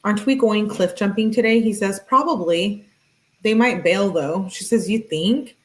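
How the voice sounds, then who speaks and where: A woman reads a string of text messages aloud in a mid-pitched voice, mostly plain and steady. Now and then she stops to add a casual, offhand comment of her own before going back to reading. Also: normal speed, poor audio. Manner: plain read-aloud delivery broken by offhand asides. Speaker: channel host.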